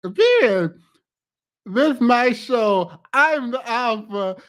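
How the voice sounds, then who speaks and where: A woman's voice: on the high side, lively intonation, very slow. A woman reacting to a clip in casual commentary, outspoken and laughing often between remarks.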